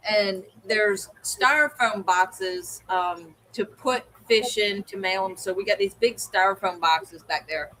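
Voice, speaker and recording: A woman's voice: medium pitch, slow, few pauses, a bit bright, poor audio. A woman co-hosting a livestream, telling a story in casual chat and acting out the people she quotes. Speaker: co-host of a livestream hangout.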